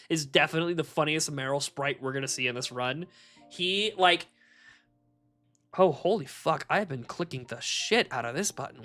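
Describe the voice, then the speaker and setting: A man live-streaming from a warm room at home, rambling and swearing casually and laughing at his own jokes. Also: fairly high pitch. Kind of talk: casual live-stream chat while shiny hunting.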